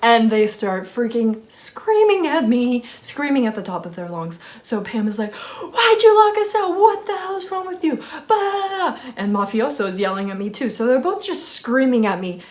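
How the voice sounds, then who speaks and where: A woman in her twenties telling a story time vlog in a casual chatty way, full of "like". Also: mid-range voice. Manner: casual, lots of filler "like", swearing. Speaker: vlogger.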